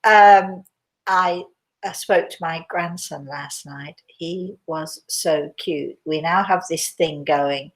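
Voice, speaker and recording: A woman's voice: low-pitched, slow pace. An older British woman with a British accent hosting a casual livestream, chatty and rambling, laughing easily. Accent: British English. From Britain. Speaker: host. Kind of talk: casual livestream chat with audience questions.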